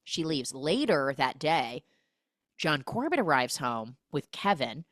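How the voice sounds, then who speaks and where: A woman's voice: sits low, sing-song, slow, a bit bright, no room sound, studio quality. A woman hosting a podcast, recapping a movie in a chatty, comic way and acting out the characters' lines in exaggerated voices. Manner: chatty, peppered with "like" and "he's like". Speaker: podcast host.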